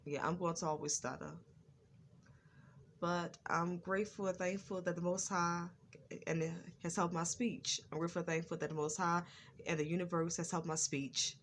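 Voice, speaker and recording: A woman vlogger talking slowly and carefully in a casual personal monologue, with a stutter and a lot of repetition. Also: fairly low pitch, steady tone, a little hiss or hum.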